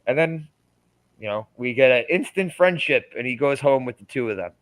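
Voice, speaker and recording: A man's voice: mid-range voice, animated, normal speed, fairly bright tone, poor audio. Crude, rambling man chatting about a movie. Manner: crude, rambling, laughs often. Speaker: podcast co-host. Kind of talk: casual movie discussion.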